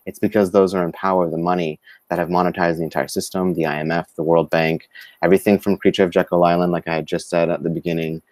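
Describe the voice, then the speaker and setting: Give me a deep-voiced man co-hosting a live talk stream, hesitant and stumbling. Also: little pitch movement, a little mellow, no echo. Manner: halting, many fillers and restarts. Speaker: co-host. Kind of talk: live-streamed casual discussion.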